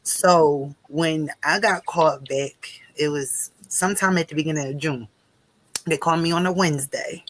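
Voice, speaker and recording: A woman's voice: low voice, normal speed, slight background noise, low-quality recording. A woman hosting a live conversation, talking in a casual, emotional way with many fillers. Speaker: host.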